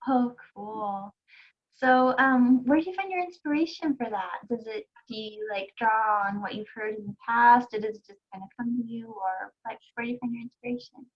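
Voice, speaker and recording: High-voiced woman interviewer, lo-fi call. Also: normal speed. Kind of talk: casual interview chat.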